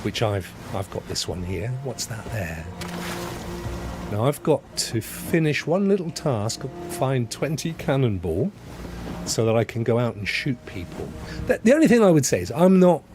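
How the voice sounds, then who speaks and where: A man's voice: medium pitch, very animated, moderate pace, music in the background. A man from England hosting a live stream and chatting loosely while he plays, chuckling often. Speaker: gaming streamer host. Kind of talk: live gameplay commentary.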